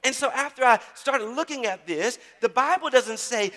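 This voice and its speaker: A man preaching a sermon in a church, calling out to the congregation and repeating phrases as he builds to shouts. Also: extremely high pitch, lively intonation, moderate pace, few pauses, big-room sound. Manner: call-and-response preaching, repeats words, rising to shouts. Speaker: pastor.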